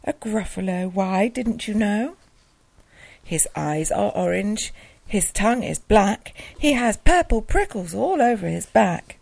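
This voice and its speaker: A woman's voice: medium pitch, lively intonation, unhurried, creaky, a little mellow, no echo. A woman voicing a small, clever, boastful male mouse in a storybook reading, bold and crafty.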